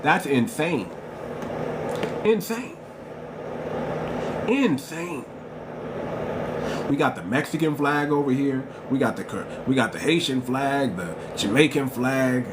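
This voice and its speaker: A man's voice: mid-range voice, expressive, moderate pace, few pauses, heavy background noise. A man hosting a live stream, talking in an emphatic, repetitive, lecturing way.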